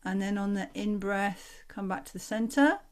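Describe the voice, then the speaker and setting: A woman, a voice coach calmly and encouragingly leading a group through relaxation exercises on a video call. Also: medium pitch, normal speed. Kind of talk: online workshop instruction.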